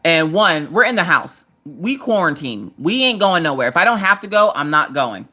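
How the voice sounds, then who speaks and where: Thirties mom live streaming her craft, bright tone, chatty and rambly, does voices when she quotes people. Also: sits low. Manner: chatty storytelling, acts out quotes in character voices; talks while working on a craft project. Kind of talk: casual chat on a live stream.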